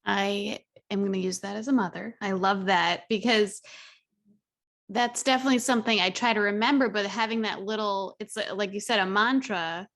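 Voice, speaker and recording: A woman's voice: medium pitch, steady tone, normal speed, a bit bright. Woman, podcast host, interview, enthusiastic, affirming.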